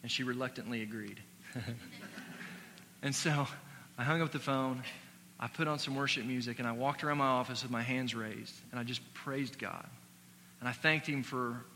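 A man in his thirties preaching a sermon as pastor. He shifts between emphatic exhortation and quiet personal storytelling. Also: medium pitch. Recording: long hall reverb with faint hum.

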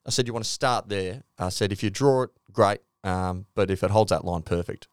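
A man's voice: fairly low pitch, brisk, dry recording, studio quality. Laid-back Australian man telling a yarn. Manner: storytelling, swears freely, acts out quotes. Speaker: podcast co-host. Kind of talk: casual sports chat.

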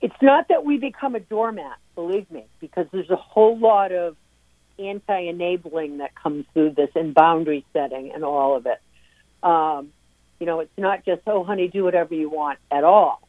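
A woman's voice: lowish voice, normal speed, no room sound. A middle-aged woman, a parent speaking as an interview guest, talking earnestly and emphatically with frequent restarts. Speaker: guest, parent of a recovering addict. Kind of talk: interview talk. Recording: tinny dry phone line.

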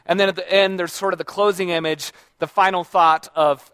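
Man in his own voice, high-pitched, dry close sound, loose conversational lecturer who quizzes the room. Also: steady tone, brisk, hardly any pauses, a bit bright, smooth, no echo. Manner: conversational, with frequent fillers and restarts; checks in with the audience by asking questions. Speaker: speaker giving a talk to an audience. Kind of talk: informal lecture. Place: room with a live audience.

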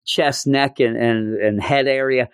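A man's voice: medium pitch, measured pace, clear, resonant tone, no room sound. Joking man recapping a story, dry sound. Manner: animated, joking, self-mocking. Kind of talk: casual recap.

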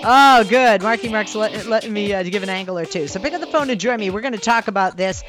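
A woman's voice: mid-range voice, fast, over music. A woman from the American South hosting a call-in radio talk show, emphatic and prone to repeating herself. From Southern United States.

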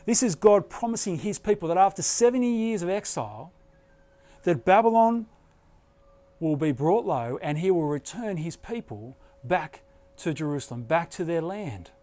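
A man's voice: fairly high pitch, animated, moderate pace, dark tone. A middle-aged man preaching a sermon, earnest and emphatic, with rising bursts of feeling as he stresses points. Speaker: pastor.

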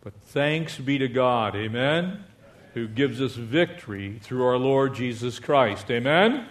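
A male pastor preaching a lively sermon, asking the congregation for amens and mixing in jokes. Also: mid-range voice, slow pace.

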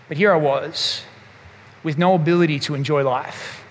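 A man's voice: a little high, steady tone, normal speed, fairly bright tone, slight background noise. A man, a pastor preaching a sermon and telling a personal story candidly, often restarting his sentences. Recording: long hall reverb.

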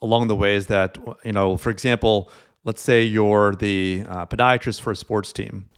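Smooth-voiced man musing on a podcast. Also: on the low side, fairly even intonation, normal speed. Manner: thoughtful, many fillers like "you know". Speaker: podcast co-host. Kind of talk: casual podcast chat.

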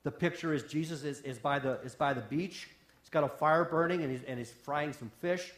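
A man preaching a sermon as a pastor, impassioned, swinging from raised intensity down to a near hush. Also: a little high, brisk. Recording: roomy echo.

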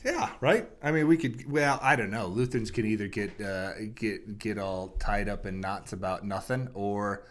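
A man's voice: fairly low pitch, moderate pace, hardly any pauses, a bit bright. A man who is a pastor, chatting on a podcast, joking, laughing a lot and rambling with fillers. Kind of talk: casual podcast chat.

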